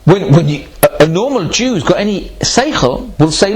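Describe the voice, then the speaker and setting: Animated rabbi telling a parable. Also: male voice, sits high, moderate pace. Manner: animated storytelling, acts out voices. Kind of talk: sermon with a parable.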